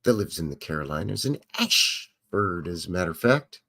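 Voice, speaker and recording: A middle-aged man hosts a relaxed livestream, rambling on and chatting with viewers as he goes. His pitch swings widely up and down, and he talks in a loose, unscripted way. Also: normal speed. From Canada. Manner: rambling, chatty, greets chat viewers by name. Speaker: livestream host. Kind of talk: casual live commentary over old footage.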